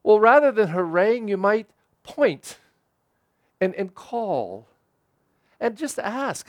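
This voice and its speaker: A man's voice: high voice, big pitch swings, takes it slowly, long pauses, no echo. Man preaching a homily, dry close sound. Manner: conversational preaching, rising for emphasis and dropping soft for prayer. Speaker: priest. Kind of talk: homily at Mass.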